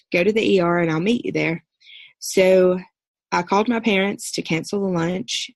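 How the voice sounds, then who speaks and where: A woman in her thirties, a podcast guest, earnestly telling a personal story in a steady recounting way. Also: fairly low pitch, no echo. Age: 30s. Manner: earnest, steady recounting with brief quoted dialogue.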